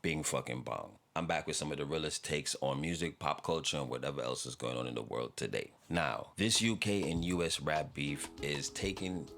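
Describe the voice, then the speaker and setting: Man, extremely low voice, laid-back rambling reaction talk, swears casually. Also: moderate pace, few pauses, fairly bright tone. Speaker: reaction video host.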